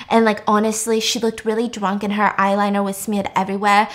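A woman podcast host casually recapping a movie in an animated, profane, jokey way. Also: medium pitch, fairly quick.

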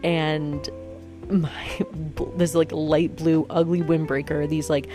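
A woman's voice: deep voice, level tone, slow, music in the background. A young woman in her twenties telling a casual story about a night out, chatty and self-mocking, full of "like" and "um". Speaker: vlogger.

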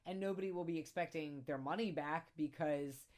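Animated woman chatting about films. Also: low voice, brisk. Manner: animated, laughs while acting out quotes. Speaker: podcast co-host. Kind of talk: casual film discussion.

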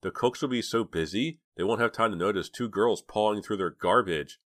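A man voicing a bold, quick-thinking teenage girl who talks in a brisk, bossy, urgent way. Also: on the low side, a bit bright, no room sound, studio quality, pitched above the performer's own voice, natural voice. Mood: steady.

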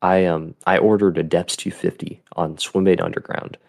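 A man's voice: low voice, level tone, normal speed, vocal fry, a little mellow. A young man talking as a podcast guest, earnest and easygoing, rambling a little. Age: young adult. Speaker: guest, bait builder. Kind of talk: casual chat.

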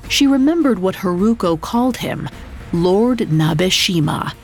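A woman's voice: medium pitch, lively intonation, unhurried, a little mellow. A woman narrating a folklore tale in a scripted, dramatic storytelling delivery. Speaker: podcast narrator. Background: faint music.

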